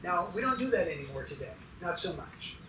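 A man preaching with a high, bright, ringing voice, emphatic and putting questions to the congregation. He is recorded from some distance in an echoey church hall. A faint hiss sits under his voice. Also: very animated, fairly quick. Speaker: pastor. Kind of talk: sermon.

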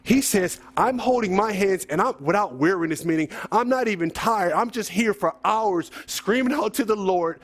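A middle-aged man delivering a sermon as a pastor. His voice sits high for a man, and he preaches in a casual, conversational way. He leans on rhetorical questions and builds up to emphatic moments. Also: animated, normal speed, few pauses.

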